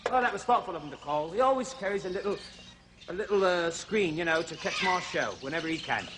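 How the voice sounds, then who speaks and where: A man's voice: sits high, expressive, fast, background noise. An actor playing a cheerful male zoo host who talks chattily and folksily straight to young viewers. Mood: chatty.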